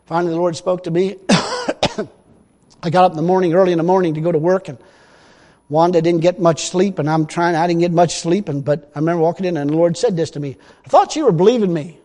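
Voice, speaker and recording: High-voiced preacher in a hall. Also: male voice, flat delivery, quick pace. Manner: folksy, emphatic, rising to loud declarations. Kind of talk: sermon. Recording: long hall reverb.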